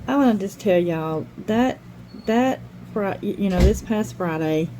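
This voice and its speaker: A woman's voice: medium pitch, warm tone, slight background noise, rough recording. An older woman hosting a craft channel, chatting at home and telling a heartfelt story that wanders from one detail to the next. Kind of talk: casual chat while crafting.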